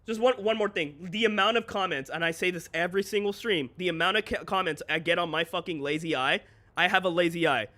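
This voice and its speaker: A male streamer with a high, bright, sharp-edged voice chats loosely with his live audience. He rants candidly and swears freely, breaking into quick laughs between his points. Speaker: streamer and content creator. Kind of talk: casual livestream chat.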